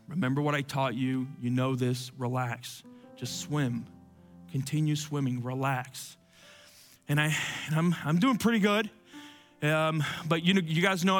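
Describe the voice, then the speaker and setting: A man preaching a sermon and telling a personal story, often dropping to soft, low tones for emphasis. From Cuban family. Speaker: pastor.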